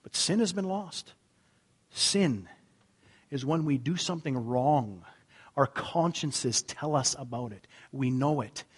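A man preaching a sermon as a pastor, husky in tone, rising to loud emphatic lines and dropping to hushed, low ones. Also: takes it slowly.

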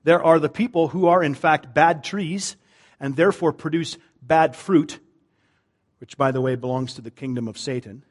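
Male pastor, a touch high-voiced, animated sermon delivery with big swings in volume. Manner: animated preaching, swinging from loud emphasis to quiet, drawn-out lines.

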